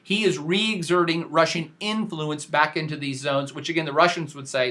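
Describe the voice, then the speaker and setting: A man giving a casual podcast lecture on world affairs as a professor, animated and slangy, emphatic and often restarting his sentences. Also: fairly high pitch, normal speed.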